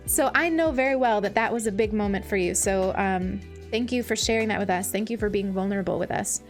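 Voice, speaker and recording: A woman's voice: medium pitch, brisk. A woman live-streaming from home, chatting casually and gushing as she reads out and thanks her viewers, with many fillers. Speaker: streamer reading chat. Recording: faint background music.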